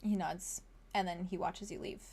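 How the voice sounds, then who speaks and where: A woman's voice: on the low side, fairly even intonation, moderate pace, a little mellow. A woman narrating a tabletop game as game master, in a chatty way with lots of fillers.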